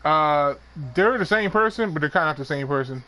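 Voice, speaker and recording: A man's voice: a little high, lively intonation, fairly quick, a loud crowd, rough recording. A man hosting a podcast in casual chat, laid-back, often stammering and repeating words.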